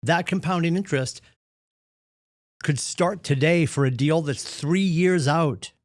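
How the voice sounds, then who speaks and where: In an unhurried, fairly high voice, heard in clean studio sound without echo, a man leads his real estate team's morning meeting. He's earnest and punchy as he motivates them, slipping into quoted voices to mimic their excuses.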